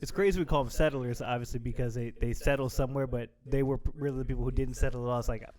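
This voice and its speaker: A man's voice: medium pitch, quick pace. A man talking as a guest on a casual podcast, laughing often and acting out dramatic scenes as he speaks. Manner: animated, laughs often, acts out dramatic scenarios.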